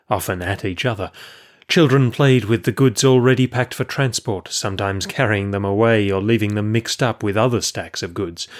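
A man reading a first-person story aloud as an audiobook narrator, in a measured, even storytelling manner. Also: on the low side.

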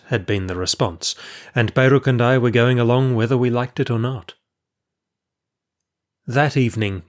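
A man reads a first-person historical story aloud in a measured, even audiobook style. His voice sits on the lower side for a man. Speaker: audiobook narrator.

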